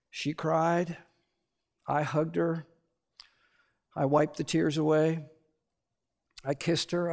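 A male pastor telling a family story in a sermon, with slow, emphatic, deliberate delivery. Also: fairly high pitch, creaky, a little mellow.

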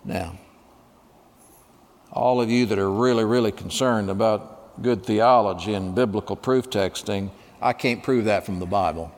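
A man preaching a sermon, telling a story with dramatic pauses and dropping to a hush at emotional moments. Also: fairly low pitch, big-room sound. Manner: dramatic, hushed at emotional moments, acts out dialogue.

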